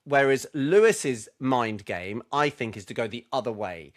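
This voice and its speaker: A man co-hosting a casual racing podcast, calmly laying out his theories at length. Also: medium pitch, a little slow. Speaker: podcast co-host.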